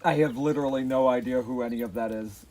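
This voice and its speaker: A man's voice: medium pitch, quick pace, warm tone. A man hosting a stream, chatting casually, rambling and swearing, with lots of fillers and restarts. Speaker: streamer, host. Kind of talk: casual chat.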